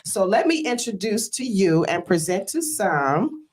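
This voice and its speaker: A woman's voice: mid-range voice, very animated, a little slow, a little mellow. A woman from Detroit hosting a talk show, telling stories in an earnest, emotional way with many fillers. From Detroit, USA. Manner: earnest, storytelling, with frequent fillers; exclaims praise like a church greeting. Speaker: host.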